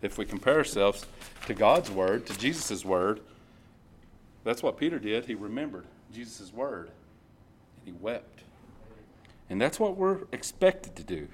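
A man preaching a conversational sermon at a church service, reading scripture slowly and often repeating himself. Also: on the low side, very animated, a little hiss or hum. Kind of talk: informal sermon.

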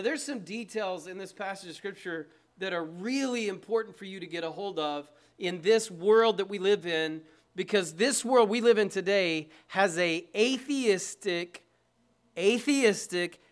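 Man, pastor, high-pitched voice, emphatic sermon delivery, talks to the congregation, church. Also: animated, unhurried. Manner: emphatic preaching with call-and-response asides.

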